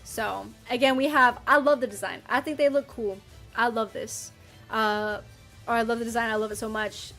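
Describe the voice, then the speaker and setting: Playful streamer woman, slightly high voice. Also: moderate pace, soft background music. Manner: playful and animated, reacting to chat with mock outrage and laughs. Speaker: streamer reading chat. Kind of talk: casual livestream chat.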